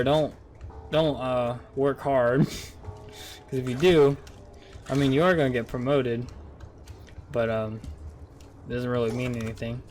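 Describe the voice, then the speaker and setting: A man's voice: medium pitch, a little mellow, a little hiss or hum. Profane rambling young man. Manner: profane, rambling, rises to incredulous outbursts. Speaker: vlogger. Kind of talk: casual storytelling rant.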